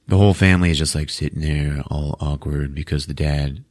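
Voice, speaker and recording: A man's voice: steady tone, fairly quick, few pauses, a little mellow. A man hosting a podcast, recapping a movie with profane jokes. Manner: profane, acts out characters in squeaky voices. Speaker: podcast host.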